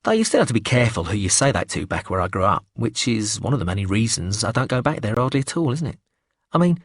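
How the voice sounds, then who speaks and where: A man's voice: mid-range voice, slightly rough, dry recording, studio quality. A man reading as a swaggering sweary hustler. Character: cocky, foul-mouthed northern-born male hustler in London. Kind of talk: audiobook character reading.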